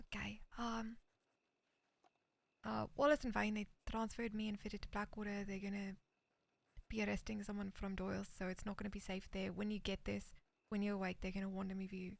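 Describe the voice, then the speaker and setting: A woman's voice: medium pitch, flat delivery, brisk, vocal fry, dry recording. A woman roleplaying a character, hesitantly reading messages aloud and often slipping into a whisper. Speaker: roleplay streamer. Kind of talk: in-character western roleplay chat.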